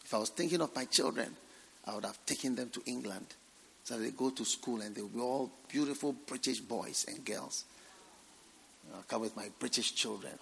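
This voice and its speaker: A man preaching a sermon, swinging from hushed, near-whispered lines to loud, emphatic exhortation. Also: mid-range voice, moderate pace, vocal fry, long reverb tail, slight background noise.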